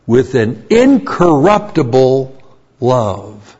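A man teaching a Bible lesson as a sermon, slow and deliberate, repeating key phrases for emphasis. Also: medium pitch, expressive, a little mellow. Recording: dull lo-fi recording.

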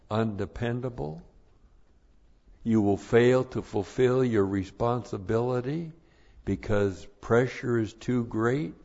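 A man preaching a sermon, slow and deliberate, repeating his numbered points for emphasis. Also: mid-range voice, creaky, mellow, highs cut off.

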